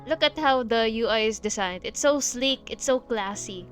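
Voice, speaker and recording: A woman's voice: fairly high pitch, normal speed, fairly bright tone, soft background music. A woman streamer chatting casually over gameplay, gushing, with many fillers and giggles.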